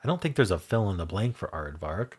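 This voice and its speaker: A man's voice: sits low, very animated, fairly quick, husky. A man hosting a puzzle video, thinking aloud in a casual, unsure way as he works through a word game. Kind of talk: casual solo puzzle commentary.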